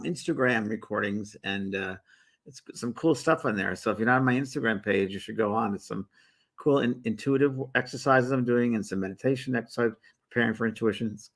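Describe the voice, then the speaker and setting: A middle-aged man hosting a spiritual livestream, chatting casually and greeting viewers in a relaxed, rambling way. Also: mid-range voice, fairly quick, gravelly. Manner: relaxed and rambling, with many fillers and restarts. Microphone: phone or webcam held by the speaker.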